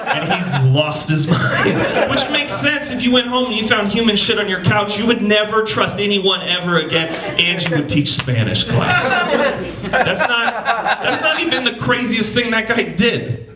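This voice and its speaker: A male comedian tells stories in a deadpan way, his pitch swinging widely and sitting a bit high. He works a roomy club as loud laughter erupts around him. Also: moderate pace, crowd noise. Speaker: stand-up comedian. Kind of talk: stand-up comedy.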